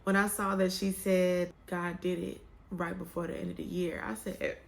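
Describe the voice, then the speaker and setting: Speaking at a normal speed in a gravelly, fairly low voice with a level tone, a young woman vlogs about faith and waiting. She's candid and emotional, her manner colloquial and drawling, like a casual heartfelt chat to the camera. Some echo comes off the room around her.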